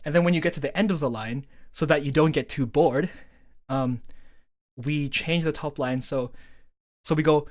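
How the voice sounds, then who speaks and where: A low-pitched woman talks at a moderate pace while explaining her song during a relaxed livestream breakdown. Full of enthusiasm, she leans heavily on fillers like "um" and "like," humming melody fragments and demonstrating vowel patterns by singing them.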